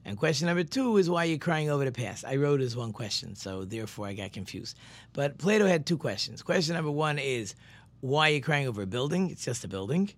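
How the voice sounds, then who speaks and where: A man giving an informal Torah lesson, rambling and correcting himself, slowing down to stress key words. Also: medium pitch, lively intonation. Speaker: religious teacher.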